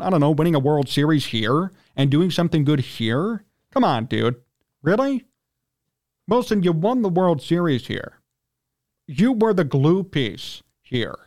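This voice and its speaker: A man hosting sports radio, his voice notably high with a darkish tone, launches into a heated rant of indignation over his team. He clears his throat often.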